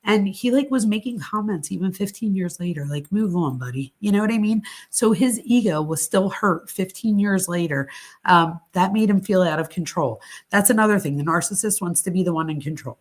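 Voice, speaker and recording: A woman's voice: mid-range voice, fairly quick. Candid chatty middle-aged woman host. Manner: candid, chatty, uses casual swearing. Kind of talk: live-stream psychology talk.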